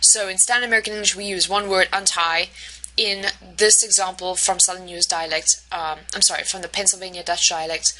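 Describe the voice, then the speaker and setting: A woman's voice: on the low side, steady tone, brisk, bright, forceful tone, rough recording. A woman teacher giving a recorded lecture, explaining slide by slide with many fillers, self-corrections and "right?" checks.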